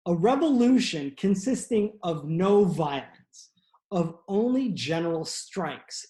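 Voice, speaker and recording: A playwright tells a history story in a loose, rambling, profane comic style, restarting often. His voice is high-pitched, sing-song and warm, and he speaks slowly. The room is echoey.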